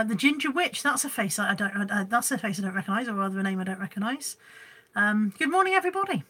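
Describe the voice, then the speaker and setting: A woman's voice: medium pitch, bright, forceful tone. A woman hosting a live stream from home on her phone, chatting with viewers, reading out their comments and rambling a little. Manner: chatty and scattered, reads out comments. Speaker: live-stream reseller host. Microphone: phone camera.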